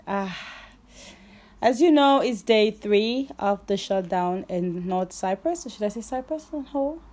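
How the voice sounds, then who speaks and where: A woman's voice: medium pitch, expressive, measured pace, a little mellow. A woman hosting a casual solo podcast from home, chatty and laughing often, stretching out her advice. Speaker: podcast host. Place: home, during lockdown.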